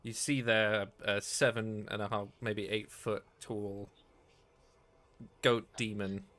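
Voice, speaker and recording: A man running a tabletop role-playing game as game master, narrating in a relaxed, conversational way. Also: lowish voice, slow.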